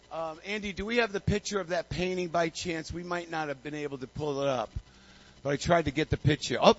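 In a church sanctuary, a pastor's sermon builds to an altar call as he fervently tells stories, repeats phrases, and calls people forward. His voice is a little high, and the sound is lo-fi.

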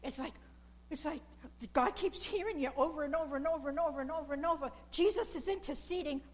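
A middle-aged woman preaching with a high voice. Her delivery is fervent and pleading, and she keeps repeating herself to drive each point home. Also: fast talker. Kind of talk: sermon.

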